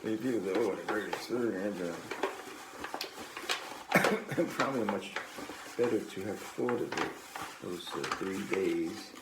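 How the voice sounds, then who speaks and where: An older man hosting his own podcast, talking in a meandering, halting way with frequent fillers and chuckles, recorded on a phone on a tripod. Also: on the low side, very noisy. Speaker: podcast host. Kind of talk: rambling casual monologue. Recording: echoey room with faint ambience.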